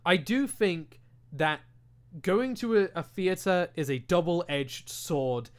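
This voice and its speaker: British guy, young, high-pitched, casual podcast rant, swears a lot, desk mic. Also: slow pace, smooth. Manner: animated, ranting, heavy swearing and filler words. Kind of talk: casual chat. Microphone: desk microphone.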